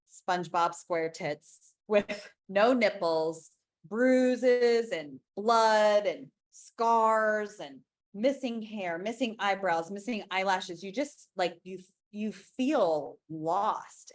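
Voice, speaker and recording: A woman in her forties, an interview guest talking frankly and emphatically, often restarting her sentences. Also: lowish voice. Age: 40s. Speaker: interview guest, business founder. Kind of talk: candid conversational interview.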